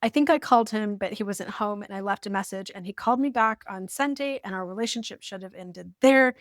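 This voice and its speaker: Woman, 40s, from the US, wry journal storytelling, jumpy pitch, dry. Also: fairly quick, no echo. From United States. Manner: wry and lighthearted, with sudden lifts of pitch. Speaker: vlogger. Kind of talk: storytelling while reading from an old journal.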